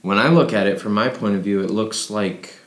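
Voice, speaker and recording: A man's voice: fairly low pitch, a little fast, reverberant, lightly acted. A man playing a drunk friend who keeps asking odd, probing questions about where his self is. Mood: musing. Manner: rambling, probing questions, bursts into mock yelling. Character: drunk philosophizing man, Pete, playful and needling. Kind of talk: audio drama acting.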